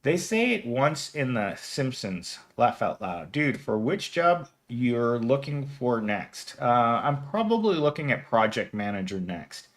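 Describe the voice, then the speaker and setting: A man's voice: medium pitch, very animated, a little slow, few pauses. A man in his thirties hosting a casual live stream at home, rambling and giggling as he answers viewer comments. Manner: rambling and giggly, talking to chat. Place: at home, streaming without camera.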